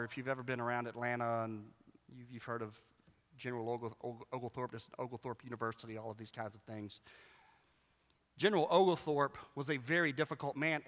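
A man's voice: mid-range voice, fairly bright tone. A man preaching a sermon, telling stories with animation and acting out the voices of the people he quotes. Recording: long hall reverb.

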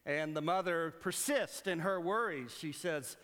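Pastor with a higher voice in a reverberant hall. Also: male voice, a bit bright. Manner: storytelling, retells scenes with quoted dialogue, halting restarts. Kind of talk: sermon.

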